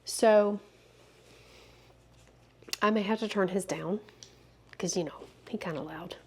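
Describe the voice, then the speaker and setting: A soft-spoken woman chatting casually while walking around her home for a vlog, thinking aloud into a wireless clip-on mic. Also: medium pitch, slow pace, breathy edge. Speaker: vlogger testing a new camera.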